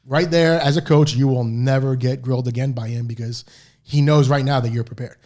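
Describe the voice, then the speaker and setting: A man's voice: medium pitch, fairly even intonation, a little fast, a little mellow. A middle-aged man, a guest in an interview, telling long rambling stories about his coaches. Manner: rambling anecdotes, acts out quoted dialogue. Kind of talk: storytelling in a podcast interview.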